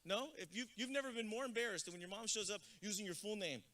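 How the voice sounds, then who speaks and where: A man giving a comedic, energetic graduation speech as a motivational speaker, dropping in Spanish words. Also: high-pitched, quick pace. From Texas. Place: outdoor graduation ceremony with stands.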